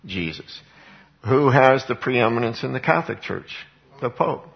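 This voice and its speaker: Man, gravelly voice, emphatic bible teacher, dull lo-fi recording. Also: medium pitch, lively intonation, normal speed. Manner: emphatic, asks and answers rhetorical questions. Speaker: street evangelist and Bible teacher.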